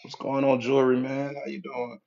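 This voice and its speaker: A man coaching on a live stream, greeting viewers by name, repeating his points and pitching his community in a casual way. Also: monotone, brisk, vocal fry, a little mellow, muffled recording.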